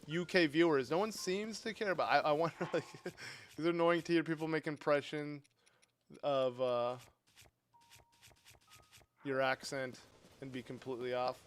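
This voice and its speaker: A man streaming a game live, chatting casually with his viewers in an excitable, talkative way and laughing often. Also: a little high, moderate pace, long pauses.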